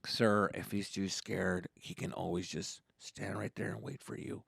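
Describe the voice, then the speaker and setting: A calm theme park ride attendant, as a comedian puts him on, speaking low and softly. His tone stays patient and steady. The sound is close and dry. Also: a little slow, creaky, breathy edge, no room sound, heavily acted.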